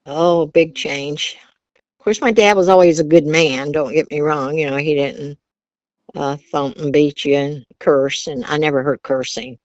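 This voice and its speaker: An older woman with a low voice, a grandmother from Virginia telling stories about her childhood. She talks in a chatty, homespun way and laughs often. The sound is dry and a little dull. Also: steady tone, measured pace, a little mellow, dry recording. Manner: chatty, laughs often, Southern turns of phrase. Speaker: interview guest, grandmother. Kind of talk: casual storytelling.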